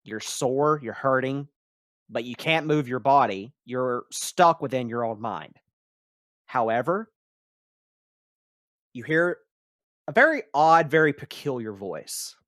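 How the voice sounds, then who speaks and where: A man narrating a tabletop game as game master, setting scenes in slow, descriptive turns. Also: medium pitch, expressive, a bit bright, no echo, studio quality.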